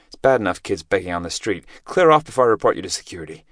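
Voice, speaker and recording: A man's voice: low voice, sing-song, racing, fairly bright tone, no echo, studio quality. A man putting on a brittle woman pilot's voice. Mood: frosty. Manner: frosty, then trembling. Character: frightened, frosty woman airline pilot.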